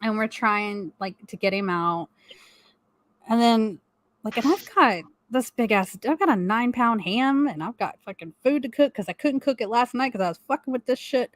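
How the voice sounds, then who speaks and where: A middle-aged woman with a voice on the high side co-hosts a live stream chat from her home, speaking at normal speed in a lively, swear-laden, laugh-filled rambling story. The audio is studio quality without echo.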